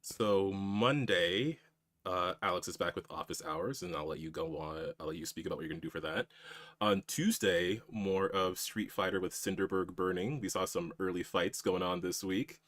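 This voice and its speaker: A man's voice: sits low, normal speed, a bit bright, dry recording. A man serving as game master on a tabletop game stream, laughing often as he tries out a southern drawl.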